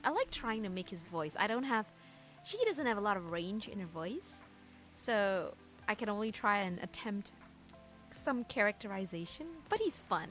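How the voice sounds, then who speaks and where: A woman's voice: mid-range voice, very animated, moderate pace, a bit bright, faint music behind. A woman streamer chatting casually as she plays a game, playfully switching between languages. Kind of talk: casual chat while playing a game.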